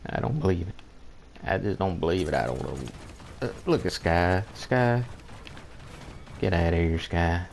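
Slow, low-voiced grumbling game commentator. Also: male voice, animated, gravelly, a little hiss or hum. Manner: incredulous, grumbling, repeats himself in disbelief; folksy mild oaths, chuckles often. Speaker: gameplay commentator. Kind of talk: casual gameplay commentary.

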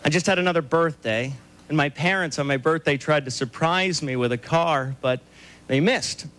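A man performing a stand-up comedy set on a club stage, firing off deadpan one-liners with sudden loud outbursts. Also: on the high side, normal speed. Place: comedy club stage before a laughing audience. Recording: live club recording, loud crowd and noise.

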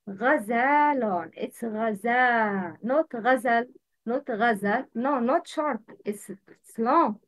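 Slow, careful woman teacher. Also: high-pitched, no room sound, poor audio. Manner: slow, careful drilling with repeated prompts. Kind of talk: Arabic letter pronunciation lesson.

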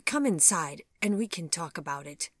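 A woman's voice: low-pitched, expressive, moderate pace, fairly bright tone, no echo. A woman voicing a proud, composed mother who speaks firmly and reassuringly in a storybook reading. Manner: firm and reassuring.

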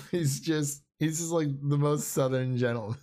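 A man's voice: a little high, moderate pace, mellow. A young man co-hosting a casual film chat, rambling with many restarts and frequent laughter. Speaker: film podcast co-host.

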